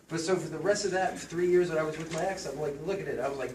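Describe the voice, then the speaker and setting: A man's voice: a little high, fast, few pauses. Chatty, laughing man telling stories. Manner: chatty, laughing, fond, quotes people. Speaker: guest sharing memories. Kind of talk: casual anecdotes at a memorial. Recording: echoey room, far from the mic, background noise.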